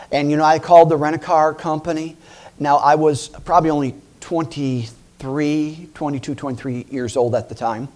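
A middle-aged man preaching a lively sermon, laughing and acting out voices as he tells stories. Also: a little high.

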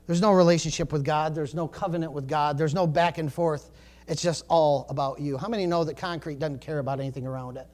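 A male pastor preaching a sermon, swinging from low, quiet emphasis to fervent shouts and often saying praise the Lord. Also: steady tone, brisk. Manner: rising to fervent shouting when stirred, dropping low for emphasis; peppers talk with praise the Lord and glory to God.

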